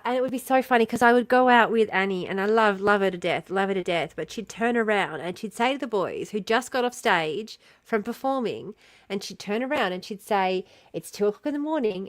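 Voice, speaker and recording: An Australian woman co-hosting a podcast, telling crude bar stories in a loud, profane, animated way that rises to near-shouts. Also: medium pitch, dry recording. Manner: loud, profane storytelling that builds to excited shouting. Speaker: podcast co-host. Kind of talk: casual chat.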